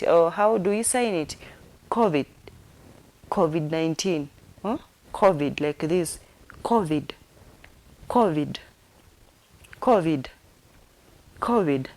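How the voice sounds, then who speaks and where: A woman with a mid-range, slightly mellow voice teaches sign language. She goes slowly and repetitively, saying each word again and spelling it out letter by letter.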